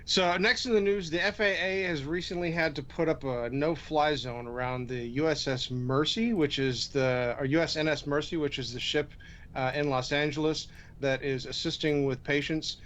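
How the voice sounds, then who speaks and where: A man's voice: fairly high pitch, fairly even intonation, normal speed, a bit bright, a little hiss or hum. Man reading news on a live stream.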